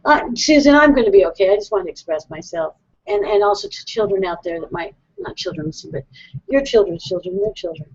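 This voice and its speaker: A woman's voice: medium pitch, animated, quick pace, husky. A woman hosting a call-in psychic show, rambling and self-deprecating, laughing often as she talks. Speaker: psychic radio host. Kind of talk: casual call-in show chat. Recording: dull lo-fi web broadcast.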